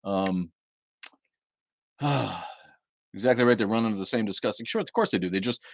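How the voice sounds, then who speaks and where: A fairly low-pitched man speaks at a moderate pace with no echo. He hosts a livestream from his home setup, ranting heatedly, swearing heavily, and often repeating or restarting words.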